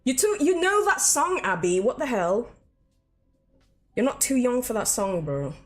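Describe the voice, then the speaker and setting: A woman's voice: a little high, very animated, measured pace, faint music behind. Chatty woman streaming. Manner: chatty, swears freely, laughs easily. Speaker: game streamer. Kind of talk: casual live-stream chat.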